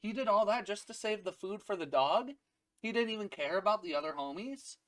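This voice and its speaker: A man's voice: high voice, big pitch swings, moderate pace, a bit bright, voice pushed up, exaggerated voice. A man voicing a whiny, mocking young woman pirate in a childish, sneering tone. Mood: surprised.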